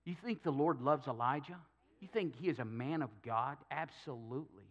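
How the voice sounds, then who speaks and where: A man's voice: mid-range voice, normal speed, dull audio. A male pastor preaching a sermon, telling a Bible story with jokes and acted-out quotes. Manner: storytelling with humor, acting out quotes.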